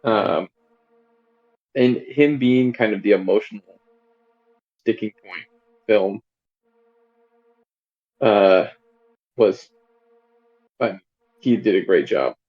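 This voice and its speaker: A man's voice: lowish voice, slow, long pauses, highs cut off. A man co-hosting a podcast, chatting casually about a film in a rambling way with many fillers and restarts. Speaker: podcast co-host.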